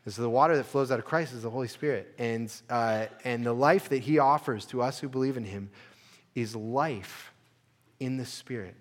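A man preaching a sermon as pastor, earnest, building to emphatic peaks and dropping to soft, quiet stretches. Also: mid-range voice, normal speed, big-room sound. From United States. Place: church sanctuary.

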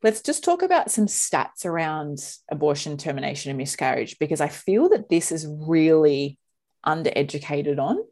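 A woman's voice: sits low, big pitch swings, moderate pace, mellow. A woman hosting a podcast, talking frankly and emotionally, with casual swearing. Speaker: podcast host. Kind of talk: candid podcast conversation.

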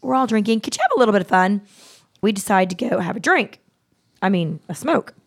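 A middle-aged woman hosting a podcast, telling stories in a blunt, animated way, swearing freely and acting out the people she quotes. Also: mid-range voice, a little fast. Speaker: podcast host. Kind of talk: casual storytelling chat.

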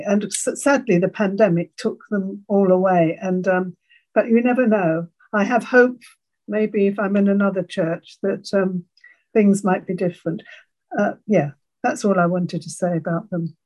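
A woman's voice: mid-range voice, darkish tone, poor audio. A woman earnestly sharing memories in a casual chat. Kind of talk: personal testimony in casual chat.

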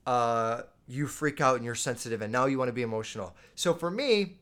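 A young man talking casually and bluntly into the camera, swearing a lot and getting animated as he reads out and answers viewer comments. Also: medium pitch, brisk. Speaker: vlogger reading viewer comments. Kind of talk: casual unscripted monologue.

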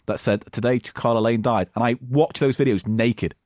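A man's voice: medium pitch, moderate pace, dry recording, clean studio sound. A man hosting a crude comedy podcast, teasing his co-hosts and laughing often. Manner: laughing, mocking, animated. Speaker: podcast host.

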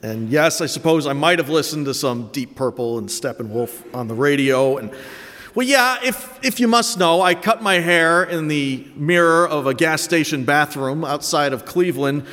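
A man in his late thirties from Connecticut preaching an Easter sermon, telling a story with reflective warmth and dry self-mocking humor. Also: on the high side, normal speed, hardly any pauses, big-room sound. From Connecticut, USA. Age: late 30s. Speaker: pastor.

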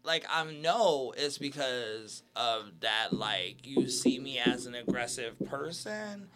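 A man co-hosting a casual chat, animated and quick to mimic others. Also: mid-range voice, a loud crowd. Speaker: podcast co-host.

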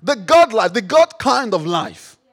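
A man preaching a sermon, repeating phrases, firing questions at the congregation and rising to shouts. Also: sits high, big pitch swings, unhurried, slightly rough. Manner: call-and-response, repeats phrases, rises to shouts; rhetorical questions to the audience.

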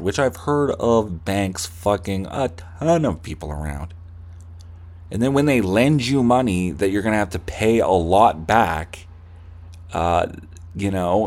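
This man's voice sits on the low side with a touch of mellowness. Hosting his podcast, he delivers a profanity-laden, comedic tirade, now and then mimicking corporate employees in a mocking tone.

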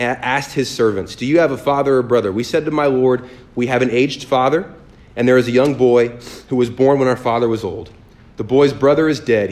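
A man leading a sermon as pastor, reading scripture aloud slowly and then preaching in a lively, joking way. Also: mid-range voice.

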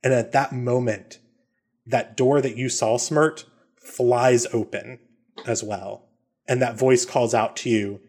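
A man narrating as game master of a tabletop game, in a relaxed way with frequent ums. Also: mid-range voice, slow. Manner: relaxed, many ums and uhs.

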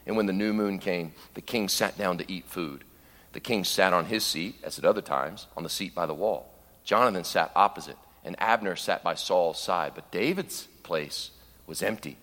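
Animated preacher man in a reverberant hall. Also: brisk. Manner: animated, acts out the scripture quotes with a raised voice, then drops low for asides. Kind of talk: sermon.

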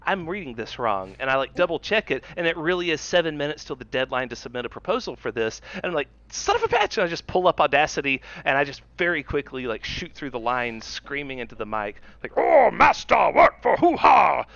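A man's voice: medium pitch, lively intonation, fast talker, hardly any pauses, pushed and bright, no echo. A man co-hosting a podcast, telling rambling stories with frequent stammers. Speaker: podcast co-host. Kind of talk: casual chat. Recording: dull, dry lo-fi mic.

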